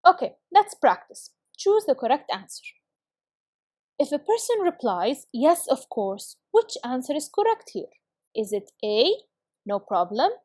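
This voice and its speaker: A woman teaching a recorded English lesson with a clear, encouraging classroom delivery. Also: high voice, big pitch swings, a little slow, darkish tone, no echo, clean studio sound.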